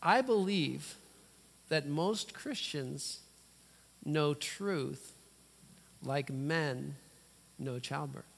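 A man's voice: on the high side, vocal fry. Emphatic male preacher with long hall reverb. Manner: emphatic, with dramatic pauses and sudden loud bursts. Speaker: pastor. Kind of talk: sermon. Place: church.

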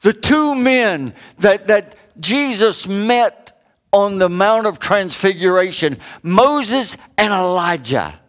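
A middle-aged male pastor delivers a sermon at an unhurried pace. His voice sits fairly high, climbing when he drives a point home and sinking low for joking asides. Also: lively intonation. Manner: swings from raised preaching to low joking asides.

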